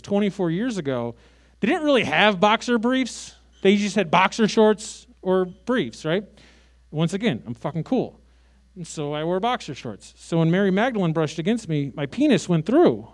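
A man in his late thirties from Chicago doing a brash, sarcastic stand-up comedy set with big swings in loudness. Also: on the high side. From Chicago, USA. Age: 30s.

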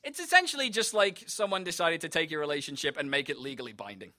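A man's voice: on the high side, animated, fast, bright, forceful tone. An English man, a stand-up comedian, talking wryly and self-deprecatingly with profane humor. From England. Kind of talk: stand-up set and casual interview.

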